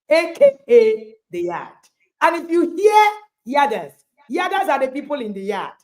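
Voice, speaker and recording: A high-voiced woman hosts a parenting livestream. She is exuberant and chatty, her pitch leaping around as she laughs and hypes her guest. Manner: exuberant, animated, laughs often. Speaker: host and parenting coach. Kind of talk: livestream interview.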